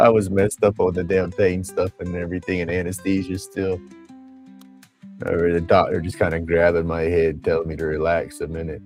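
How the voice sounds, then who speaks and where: Middle-aged guy on a livestream, kinda low voice, rambles and laughs a lot, soft music in back. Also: little pitch movement, normal speed. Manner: rambling storyteller, laughs often. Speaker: livestream host. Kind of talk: casual livestream chat. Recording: faint music behind.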